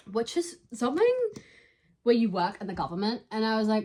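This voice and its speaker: A young woman from New Zealand with a Kiwi accent, telling a travel story in a chatty, lively way, full of fillers. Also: a little high, a little fast. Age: young adult. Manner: chatty, lively, with many fillers and acted asides. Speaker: vlogger. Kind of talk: casual storytelling.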